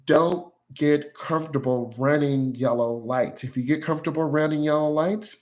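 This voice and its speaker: A man's voice: fairly high pitch, normal speed, a little mellow. A man teaching driving to viewers in a casual, instructional way, repeating key points and checking in with "right?" and "okay?".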